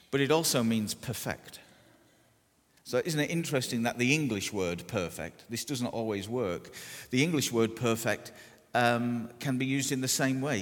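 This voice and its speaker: A male preacher delivers his sermon at an unhurried pace, leaning on dry, self-mocking humour. His voice sits at an ordinary middle pitch. It carries through a large hall with a long, lingering reverb. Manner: humorous, self-deprecating storytelling with deliberate pauses.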